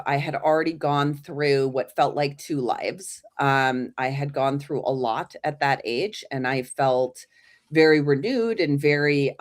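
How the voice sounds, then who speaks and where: A woman with a low voice tells a personal story as an interview guest. She talks casually, with fillers and restarts. She jumps into lively acted voices when she quotes people. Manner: animated storyteller who acts out quoted voices.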